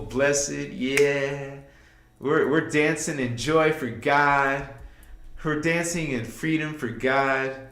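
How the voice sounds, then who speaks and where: Hyped guy on a spiritual stream, higher voice, slow drawn-out talk, echoey room. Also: a bit bright. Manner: exuberant, laughing, affirmation-chanting. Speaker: livestream host. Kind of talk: casual spiritual livestream chat.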